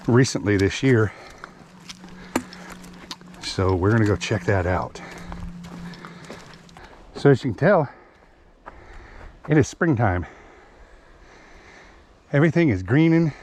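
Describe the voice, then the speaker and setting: A man, narrating a hiking vlog outdoors on a wooded trail, a bit out of breath as he chats about the trail and his gear. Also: medium pitch. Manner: chatty, explains gear plainly. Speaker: hiking vlogger.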